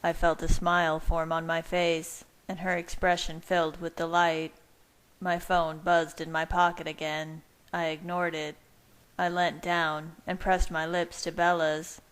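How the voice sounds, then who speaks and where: A woman calmly narrating a fan-fiction romance story in a soft, measured way. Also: on the low side, smooth, low-quality recording. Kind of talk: audiobook-style story narration.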